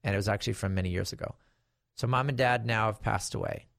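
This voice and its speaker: A middle-aged estate planning attorney explains guardianship to viewers, telling it conversationally like a story and stressing warnings emphatically. His voice is fairly low, fast, a bit bright, and carries vocal fry. The recording is studio quality with no echo.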